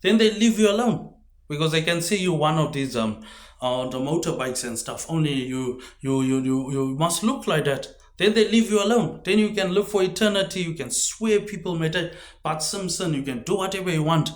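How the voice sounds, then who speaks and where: Rambling man in an echoey room. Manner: rambling, drops pitch and volume on tag words like "mate". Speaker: video host. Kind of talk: rambling monologue.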